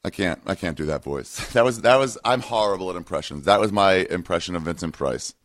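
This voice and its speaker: A man's voice: low-pitched, expressive, a little fast. A man hosting his podcast, rambling through a casual intro with many ums and uhs. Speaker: podcast host.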